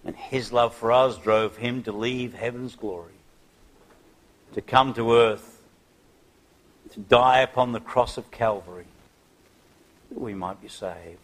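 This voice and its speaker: A man preaching an evening sermon, building to loud emphatic peaks and sinking to a hushed, soft close, with old-fashioned biblical phrasing. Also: mid-range voice, measured pace, long pauses.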